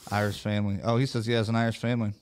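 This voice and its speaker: A man's voice: lowish voice, level tone, very fast, smooth. Profane joking podcast co-host, man. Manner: loose and profane, joking, reads viewer comments aloud. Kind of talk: casual live podcast chat.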